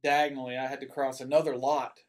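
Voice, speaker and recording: A man's voice: medium pitch, level tone, fast talker. A man from Tennessee telling a personal story in a casual, rambling way, full of asides. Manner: rambling, with many asides and fillers.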